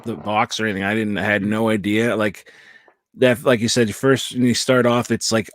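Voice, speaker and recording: A man's voice: lowish voice, flat delivery, normal speed, no room sound. A man hosting a casual chat about a film, recapping scenes in a rambling way full of fillers. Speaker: podcast host.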